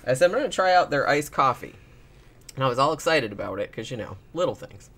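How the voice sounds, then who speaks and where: Brief: hoarse woman podcast co-host, forceful bright tone, blunt, swears, laughs easily. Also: a bass voice, lively intonation, quick pace. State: hoarse from a cold. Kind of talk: casual chat.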